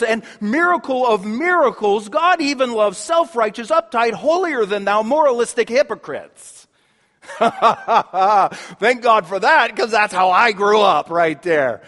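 High-voiced man preaching slowly in a hall. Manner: swings from hushed intimacy to sudden emphatic outbursts. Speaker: pastor. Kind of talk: sermon.

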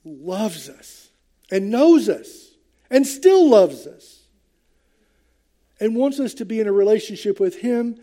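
Older guy pastor giving a sermon in church, high mellow voice, earnest, lots of ums. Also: sing-song, slow, pauses often. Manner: earnest, conversational, with hesitant fillers. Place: church, before a congregation.

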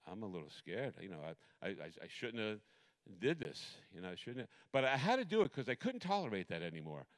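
Middle-aged male pastor, loose and animated storyteller, casual sermon delivery. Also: lowish voice, a little fast. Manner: animated, rambling storyteller with many restarts. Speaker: preacher.

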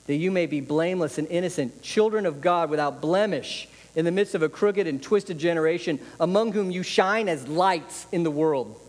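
A man's voice: fairly high pitch, long reverb tail, low-quality recording. A man preaching a conversational sermon, often repeating phrases for emphasis. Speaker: pastor.

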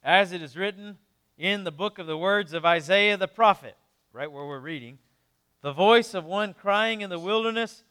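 Speaking in a clean tone, a pastor gives a sermon that feels like conversation, full of quick side remarks. His delivery swings from soft, low passages to emphatic ones.

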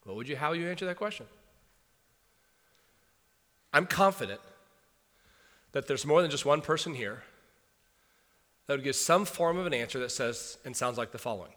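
Lively bright-voiced male preacher in a hall. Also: mid-range voice, moderate pace, pauses often. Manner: reads scripture then explains it conversationally. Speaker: pastor. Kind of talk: sermon.

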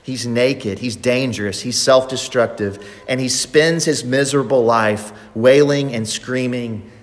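A man's voice: medium pitch, a little slow. A man preaching a sermon in a church, emphatic and repeating phrases for effect. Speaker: pastor. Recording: long reverb of a large hall.

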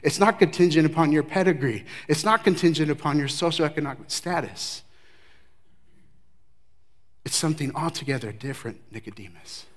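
A man preaching a sermon verse by verse, emphatic, with his voice swinging from loud declarations to hushed remarks. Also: mid-range voice. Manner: emphatic, varies loudness widely, drops to hushed tones. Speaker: pastor. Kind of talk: expository sermon.

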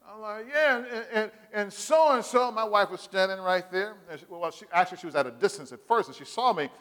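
Man, pastor, sermon, high-pitched, storytelling, call-and-response, long hall reverb. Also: brisk. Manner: call-and-response preaching, asks "Amen?"; animated storytelling with quoted voices.

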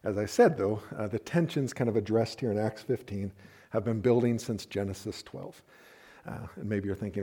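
A man's voice: medium pitch, fairly quick, a little mellow, slightly rough. Man preaching a conversational sermon. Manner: conversational, uses playful asides and acted-out quotes. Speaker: pastor.

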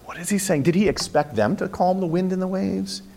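A man preaching a sermon, telling the story with animated retellings and acted-out voices. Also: sits high, a little fast, creaky. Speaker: pastor.

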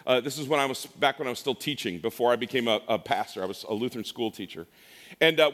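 Middle-aged male pastor, slightly high voice, relaxed humorous sermon delivery, echoing church sanctuary. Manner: casual, joking, animated preaching with frequent restarts. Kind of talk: conversational sermon. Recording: long church reverb.

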